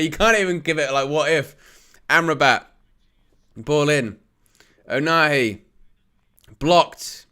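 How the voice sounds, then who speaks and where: A young man giving live football watch-along commentary as a channel host, calm between plays and rising to excited shouts at near misses. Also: mid-range voice, unhurried, long pauses, clean tone.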